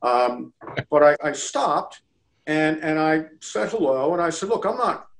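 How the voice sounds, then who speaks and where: His voice runs on the high side with vocal fry, at a measured pace, and the audio is poor. A lacrosse official from near Baltimore, he's a guest in a relaxed interview. He tells an animated story, dramatizing each quote.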